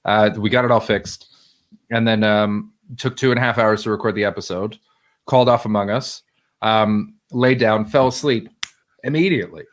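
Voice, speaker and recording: A man co-hosting a casual live stream, tired and just woken up, telling stories in a laid-back way. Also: on the low side. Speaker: podcast co-host.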